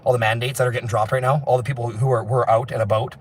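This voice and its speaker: A man rambling through a livestream while walking city streets outdoors, excitable and laughing, his voice hoarse from screaming. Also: medium pitch, racing, a little hiss or hum. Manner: excitable, laughing, shouting bursts.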